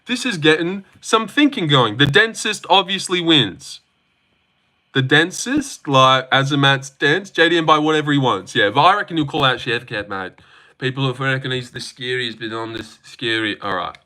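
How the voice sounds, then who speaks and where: A man's voice: mid-range voice, pushed and bright. A man hosting a casual livestream, reading and joking about chat messages. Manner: joking, chatty, reacts to chat messages aloud.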